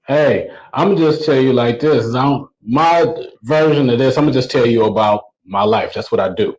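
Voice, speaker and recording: Male stand-up, 40s, mid-pitched voice, loose slangy storyteller. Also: normal speed, darkish tone, highs cut off. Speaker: stand-up comedian. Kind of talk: stand-up routine told as a story.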